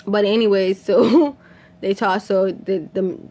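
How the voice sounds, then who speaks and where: A woman's voice: medium pitch, slow. A woman from Haiti casually retelling a film scene by scene, laughing often and acting out the characters' lines. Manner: animated, laughs often, acts out quotes in whispers and shrieks. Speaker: vlogger recapping a film. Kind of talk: casual storytelling recap.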